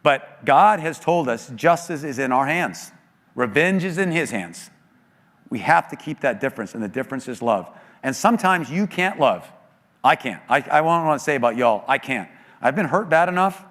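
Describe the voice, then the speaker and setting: Man preaching a testimony, earnest and hushed at times, echoey sanctuary. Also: expressive, normal speed. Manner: earnest storytelling, voice dropping low and quiet in grief. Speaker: guest speaker at a church. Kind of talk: sermon testimony. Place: church sanctuary. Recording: long hall reverb.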